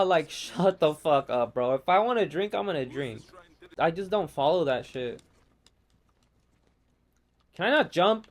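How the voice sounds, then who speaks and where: A man with a fairly high voice rants over gameplay in loose, profane, exasperated bursts, rambling from one gripe to another like a host talking to his channel. He's animated but a little slow and pauses often. It all sounds casual and unscripted.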